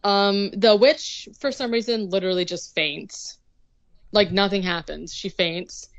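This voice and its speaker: A woman's voice: mid-range voice, measured pace, dry recording, dull audio. Sarcastic young woman rambling through a recap. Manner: rambling, sarcastic, heavy use of "like" and swearing. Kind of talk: casual chat recapping a movie.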